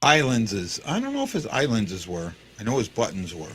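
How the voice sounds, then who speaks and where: A man's voice: lowish voice, wildly swooping pitch, moderate pace, fairly bright tone, breathy edge. A man hosting a casual sports chat, rambling with lots of fillers and restarts. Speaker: podcast host.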